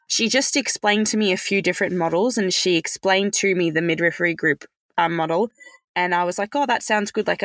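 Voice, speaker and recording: A woman's voice: on the low side, vocal fry, a bit bright, no echo. A woman telling a personal story as a podcast guest, chatty and casual, with many fillers.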